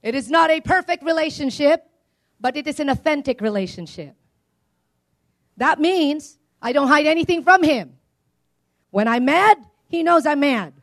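High-voiced woman preaching with swings. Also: normal speed, pauses often. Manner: call-and-response preaching, asking for amens; animated, swings between loud declarations and quiet asides. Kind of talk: sermon.

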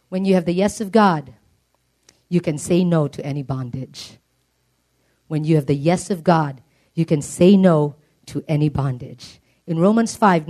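A woman preaching a sermon, rising to high, emphatic peaks. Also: a little mellow.

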